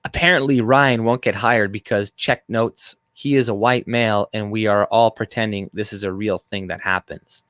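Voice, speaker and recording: A man's voice: on the low side, fairly even intonation, normal speed, hardly any pauses, fairly bright tone, no room sound. Rambling, crude man streaming live. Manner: rambling, loose, crude off-color joking. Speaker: live-stream host reading chat. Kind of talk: casual live-stream commentary.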